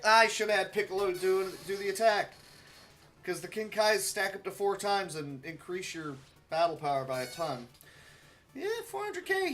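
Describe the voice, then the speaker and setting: A man's voice: on the high side, a bit bright. A man speedrunning a game live, giving muttered, wry running commentary to himself.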